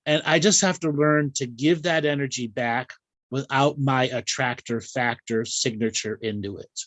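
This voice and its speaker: A man's voice: mid-range voice, moderate pace, fairly bright tone, dry recording. A man hosting a casual live chat show, talking frankly and bawdily and laughing often. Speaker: host.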